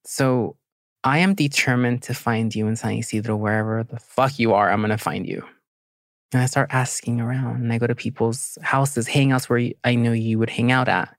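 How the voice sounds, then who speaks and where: A woman's voice: rumbling low, steady tone, normal speed, no room sound. Direct woman a dry sound. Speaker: older sister, interviewer. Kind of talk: conversational interview.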